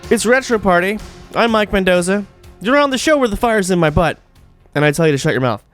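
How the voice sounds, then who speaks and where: A man's voice: high voice, lively intonation, brisk, fairly bright tone. A man hosting a casual music show live, goofy and jokey, slipping into silly voices. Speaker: host.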